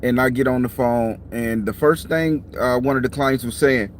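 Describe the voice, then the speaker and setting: Speaking at normal speed in a steady tone, a middle-aged man with a mid-range voice talks casually to camera. He's a tarot reader and channel host in a parked car, tired, yawning, blunt and heavily profane, recorded on a clip-on mic with slight background noise.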